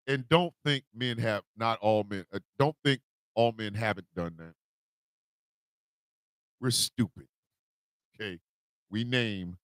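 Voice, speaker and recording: A man hosting a morning radio show, telling comic confessions with put-on voices and loud, laughing bursts. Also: fairly low pitch, takes it slowly, pauses often, dry recording. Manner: animated storytelling with put-on voices. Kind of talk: comedic radio monologue.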